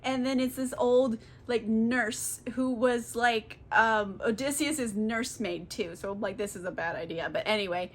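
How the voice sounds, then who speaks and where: A woman's voice: fairly high pitch, unhurried, few pauses. A young woman, a little tipsy, retelling a classic book in a casual, profane, rambling way. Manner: profane, rambling, lots of fillers. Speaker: book vlogger.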